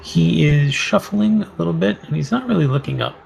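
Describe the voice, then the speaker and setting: A man narrating a tabletop game as game master, halting and full of filler words. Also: on the high side, expressive, creaky, darkish tone, highs cut off, a little hiss or hum. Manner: halting, full of ums and likes.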